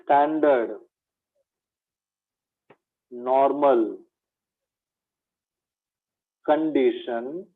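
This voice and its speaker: Calling his students "my dear," a man delivers a maths exam revision lecture full of repeated key points and rhetorical questions. His voice is medium-pitched and the sound is phone quality.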